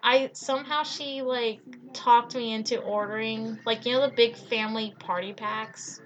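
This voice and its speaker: Giggling her way through a funny anecdote, this podcast co-host is a young woman who keeps saying "like" and stays casual and animated. Her pitch sits on the high side, her pace is moderate, and the sound is lo-fi.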